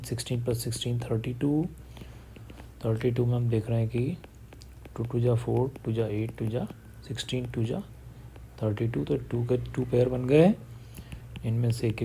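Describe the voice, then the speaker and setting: A man's voice: medium pitch, a little hiss or hum. A man teaching a math lesson, talking through each step of a problem aloud. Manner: steady step-by-step explaining, working problems aloud. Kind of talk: online math lesson, mixing English and Hindi.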